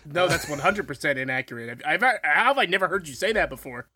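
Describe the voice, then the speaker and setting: A man co-hosts a chat podcast, firing off dry, sarcastic one-liners. He talks quickly in a slightly high voice, recorded dry and close. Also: expressive, pushed and bright, husky, dry recording. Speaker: podcast co-host. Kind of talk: casual chat.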